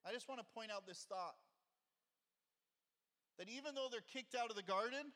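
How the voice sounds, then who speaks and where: A man's voice: very high-pitched, moderate pace, pushed and bright, in a large hall. A male pastor preaching a conversational sermon and reading scripture aloud, heard in a church sanctuary.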